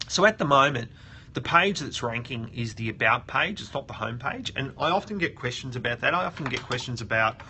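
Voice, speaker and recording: A man's voice: medium pitch, lively intonation, brisk, sharp tone, slight background noise. A man hosting a casual screen-share tutorial, thinking aloud and often restarting his sentences. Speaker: host of a web audit show.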